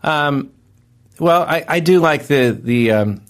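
Playful joking man with a lively voice. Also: takes it slowly. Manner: playful, joking, breaks into shrill silly yells. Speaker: co-host. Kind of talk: comedic casual chat.

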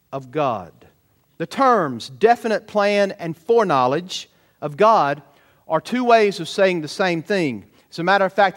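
A man preaching a sermon as pastor in a church, emphatic, with rhetorical tag questions and loud rising peaks. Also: sits high. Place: church sanctuary.

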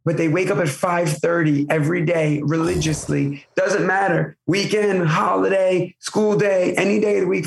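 A man in his thirties with a thick New York accent, a podcast guest rambling through quick stories with a gravelly voice. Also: high-pitched, reverberant. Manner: fast, rambling storyteller. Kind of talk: casual chat.

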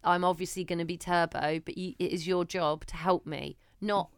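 A woman, co-hosting a casual podcast and telling a story in an animated way, swearing now and then and acting out what people said. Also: on the low side, normal speed, clear, resonant tone, no echo, clean studio sound. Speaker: podcast co-host. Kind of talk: casual chat.

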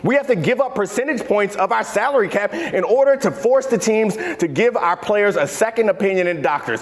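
A man who played pro football, speaking forcefully and with indignation about player safety. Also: sits high, expressive, a little fast, few pauses. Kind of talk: impassioned sports commentary.

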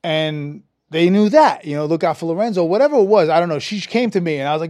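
A man, a metal musician guest telling an animated, profane story in a casual interview, raising his voice when quoting people. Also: a little high, quick pace, hardly any pauses, dry recording, studio quality. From New York. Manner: animated, profane, acts out quotes with a rising voice.

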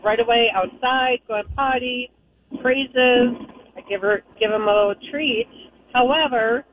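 A woman caller phoning in from her car while driving, asking in hesitant, halting restarts. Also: fairly high pitch, a little hiss or hum. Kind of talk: phone call-in question. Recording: tinny phone line from a car.

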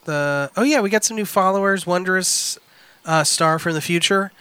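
An excitable man chatting casually with friends on a stream. His voice is fairly high and bright. The recording is dry. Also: normal speed, smooth, no echo. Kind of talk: casual group chat.

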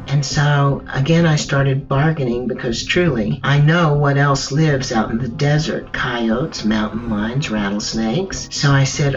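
A woman recounting her own ordeal in the first person, slow and measured, halting in places. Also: a bass voice. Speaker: survivor telling her story. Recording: dull distant recording with faint music.

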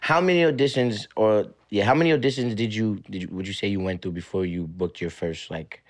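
A man's voice: fairly low pitch, brisk. A man co-hosting a podcast, asking questions in loose slangy talk in a studio. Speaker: podcast co-host. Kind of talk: casual interview chat.

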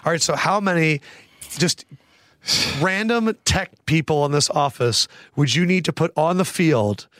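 Playful quick-talking male host. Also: a little high, animated, a bit bright, no echo, studio quality. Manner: quick, playful, laughs easily. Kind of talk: casual sports chat. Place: studio office.

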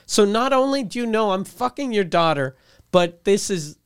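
A man's voice: high-pitched, expressive, moderate pace, clear, resonant tone. A man in a casual, profane chat with a friend, joking and ranting emphatically.

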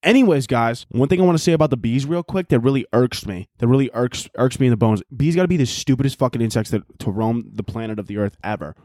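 A man's voice: medium pitch, animated, fast, hardly any pauses, mellow, no room sound. A young man riffing alone on his podcast, swearing freely and mocking himself. His voice sits mid-range and the sound is dry and close, with no room around it. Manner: profane, rambling, self-mocking. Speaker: podcast host. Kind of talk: solo comedic podcast rant.

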